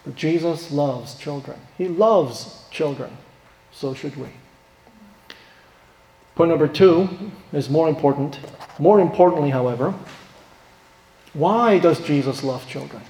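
A man preaching a sermon, asking rhetorical questions and stressing key points, then dropping to quiet asides. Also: fairly high pitch, measured pace, pauses often. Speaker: pastor. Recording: echoey hall reverb.

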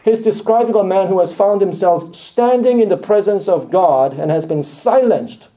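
Guy preaching a sermon, real dark warm voice, gets loud then goes almost quiet. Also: sits high, moderate pace. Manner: earnest, swells loud then drops to near-hushed lines.

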